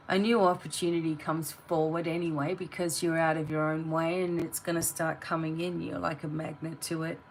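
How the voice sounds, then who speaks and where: A woman's voice: sits low, low-quality recording. A woman giving a tarot reading, talking straight to the viewer in a blunt, motivating way. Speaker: tarot reader.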